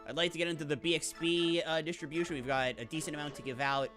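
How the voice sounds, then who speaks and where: A woman's voice: deep voice, fairly even intonation, fast, music in the background. A woman streamer chatting casually with her viewers in a chatty, bubbly way. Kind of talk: casual live-stream chat.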